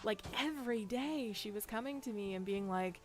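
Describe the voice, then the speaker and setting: A woman's voice: medium pitch, normal speed, a little mellow, soft background music. A woman streaming a game, chatting casually and rambling, laughing often. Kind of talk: casual chat while playing.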